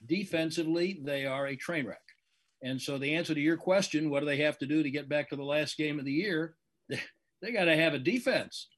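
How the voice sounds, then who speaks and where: Veteran male sports announcer, older, breathy edge to a raised voice, analytical interview guest. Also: on the high side, a bit bright. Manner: measured, analytical, emphatic.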